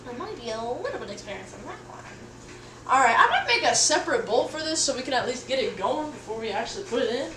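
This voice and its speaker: A woman's voice: fairly high pitch, very animated, fast. A young woman casually chatting to her livestream audience while cooking at home, goofy and rambling, swearing now and then. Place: home kitchen. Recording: echoey room, mic at a distance, background noise.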